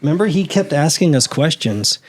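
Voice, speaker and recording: A man's voice: on the high side, normal speed. A middle-aged man, a retired sheriff's detective, telling stories in a casual interview and acting out the voices of the people he quotes. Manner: animated, acts out quoted voices in anecdotes. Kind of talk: casual storytelling.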